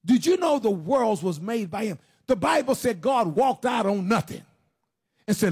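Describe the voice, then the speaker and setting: A man preaching a sermon, questioning his listeners directly and swinging from low, slow passages into shouted, sing-song preaching. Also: sing-song, husky. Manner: addresses the congregation with direct questions.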